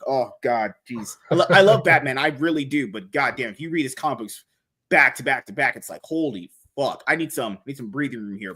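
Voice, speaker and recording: A man's voice: fairly high pitch, pushed and bright. A man hosting a podcast, talking casually and animatedly, swearing freely and rambling with restarts. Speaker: podcast host.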